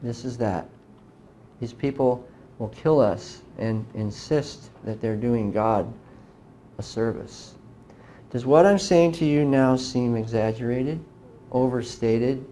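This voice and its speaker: Man, middle-aged, live lecture, emphatic, rhetorical questions, mellow tone, faint background hiss. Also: medium pitch. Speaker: speaker lecturing on religion.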